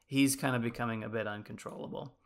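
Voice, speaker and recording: A man co-hosting a podcast, casually pitching a movie sequel in a rambling way, full of likes and ums. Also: fairly even intonation, quick pace. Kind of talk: casual chat.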